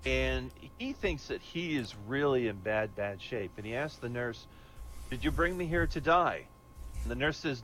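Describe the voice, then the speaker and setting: A man's voice: medium pitch, animated, normal speed, a bit bright, poor audio. A man hosting an online comedy show, telling jokes and acting out the characters in them.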